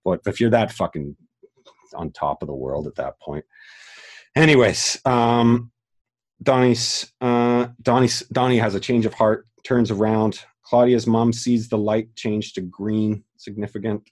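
Podcast host, male, lowish pitch, loose rambling delivery with frequent restarts. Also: a little slow, darkish tone. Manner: rambling, many restarts and fillers, swearing, emotional. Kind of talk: casual film discussion.

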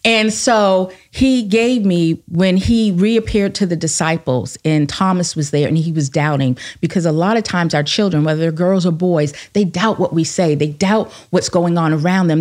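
Animated woman telling stories. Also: on the low side, normal speed. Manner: animated storyteller, acts out quoted dialogue. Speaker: guest, life coach. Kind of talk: storytelling in podcast conversation.

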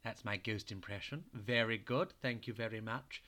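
A man's voice: on the low side, moderate pace, bright, forceful tone. A man hosting a children's storytelling podcast, chatting playfully and narrating with animation. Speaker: host and storyteller.

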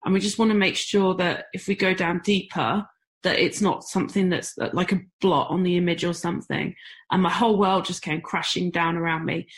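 A woman's voice: on the low side, steady tone, fairly quick. Chatty woman. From United Kingdom. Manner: candid, chatty, self-deprecating humor. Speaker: guest. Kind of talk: conversational interview.

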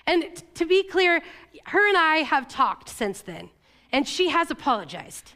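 A church staff speaker from Oregon, USA, delivers a sermon in an animated, sharp-toned voice. She tells a personal story in an emotional, confessional way, her pitch shifting quickly.

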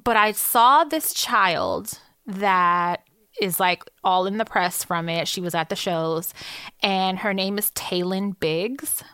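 Woman gabbing on a podcast, loud stories, swears a lot, bright dry voice. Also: mid-range voice, takes it slowly, clear, resonant tone, no room sound. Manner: loud storytelling, swears freely, breaks into laughter. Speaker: podcast co-host. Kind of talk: casual chat.

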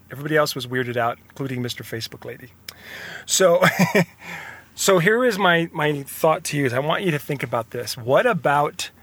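A man's voice: medium pitch, a bit bright. A young man hosting a podcast, talking in an earnest, rambling, confessional motivational monologue. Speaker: podcast host.

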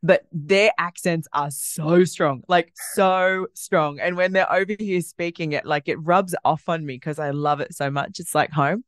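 A woman from Australia with an Australian accent softened by American inflections, chatting candidly as a podcast co-host and laughing often. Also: fairly low pitch, measured pace, few pauses, no echo, studio quality. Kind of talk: casual chat.

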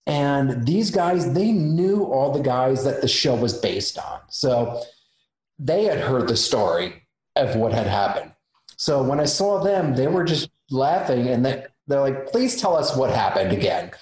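A man at an ordinary pitch tells a story in a lively, animated way, jumping into the voices of the people in it. He is a special effects makeup artist chatting casually. The sound is roomy, with a clear echo around him. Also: measured pace.

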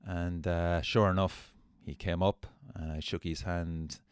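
A low-voiced man hosting a podcast, spinning a long, self-mocking story and swearing freely. He sounds close and dry, with no room around him. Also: little pitch movement, a little slow, smooth, dry recording. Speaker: podcast host. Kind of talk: casual storytelling.

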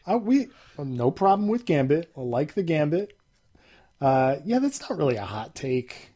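A man's voice: on the high side, very animated, unhurried, dark tone, slightly rough. A man co-hosting a podcast in an easygoing, agreeable way, thinking aloud as he talks. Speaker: podcast co-host. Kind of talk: casual chat.

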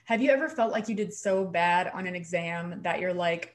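Animated woman hygienist co-host. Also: lowish voice, a little fast, hardly any pauses. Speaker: podcast co-host, dental hygienist. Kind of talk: casual chat.

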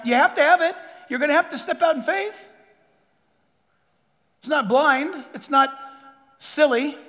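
A man preaching a sermon as a pastor, animated and acting out quoted dialogue in different voices. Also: very high voice, in a large hall.

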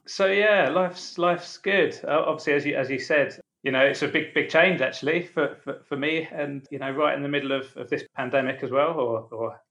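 A man's voice: fairly high pitch, normal speed, few pauses, a bit bright, lo-fi sound. Hesitant man in his forties, interview guest. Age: 40s. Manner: hesitant, repeats words, friendly. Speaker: guest, business founder. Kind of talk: casual interview.

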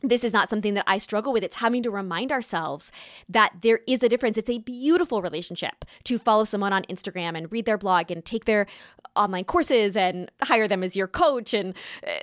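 A woman hosting a podcast, giving an earnest, animated monologue in a casual, conversational way. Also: mid-range voice, a little fast, no echo, studio quality. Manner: animated, earnest, talks with her hands. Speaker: podcast host.

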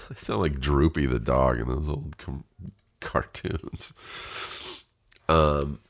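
In casual solo podcast talk, the middle-aged host speaks at an extremely low pitch with fairly even intonation, taking his time. He's frank and self-mocking, drops casual swears, and his voice is a bit stuffy.

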